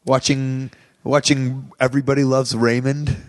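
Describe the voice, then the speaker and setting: A man hosts a casual podcast in an ordinary middle-pitched voice. He rambles, restarts his sentences and laughs often. The recording is dry and close. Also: flat delivery, a little slow, dry recording. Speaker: podcast host.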